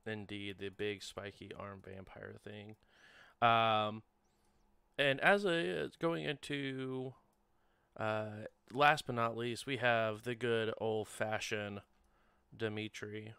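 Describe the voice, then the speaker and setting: Dry smooth-voiced guy running the game, jokey and chatty, lots of uhs. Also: on the low side, steady tone, takes it slowly, sharp tone, dry recording. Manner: wry, chatty, many ums and uhs. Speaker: game master. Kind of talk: casual tabletop game hosting.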